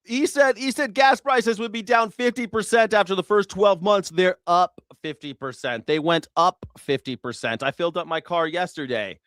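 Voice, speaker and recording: A man's voice: high voice, normal speed, hardly any pauses, fairly bright tone, no room sound, studio quality. A man hosting a news reaction show, sarcastic and incredulous and swearing freely. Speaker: host.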